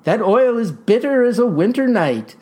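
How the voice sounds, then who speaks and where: A man's voice: very high voice, big pitch swings, moderate pace, warm tone, pitched above the performer's own voice. A man doing a peevish erudite nine-year-old boy. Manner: peevish, oddly erudite retorts.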